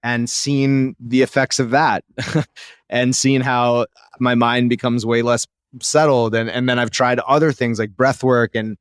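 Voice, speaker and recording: Guy in his 30s hosting a podcast, smooth clear voice, dry sound, gets excited and talks fast. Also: mid-range voice, no echo. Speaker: podcast host. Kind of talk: casual conversational interview.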